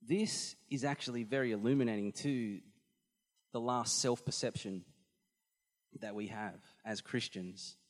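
A man preaching a sermon, animated and emphatic, often repeating phrases for effect. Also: medium pitch, measured pace. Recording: long hall reverb.

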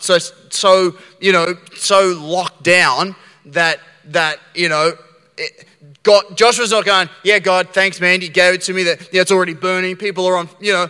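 Animated pastor, bright ringing voice. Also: male voice, high voice, clean tone. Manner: animated, acts out Bible scenes with restarts. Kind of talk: sermon. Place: church service hall. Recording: long reverb of a large church hall.

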